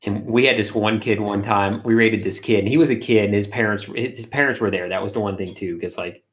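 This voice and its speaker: Chatty low-voiced man telling stories. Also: brisk. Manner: animated storyteller, many fillers. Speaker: art streamer. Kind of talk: casual interview chat.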